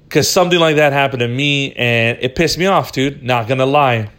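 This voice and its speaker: A man of middling pitch tells a story on his podcast, rambling and unpolished. He swears freely and keeps tossing in "dude" and "right?" as he goes. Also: moderate pace, hardly any pauses, fairly bright tone. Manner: profane, rambling, says "dude" and "right?" often. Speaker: podcast host. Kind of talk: casual storytelling.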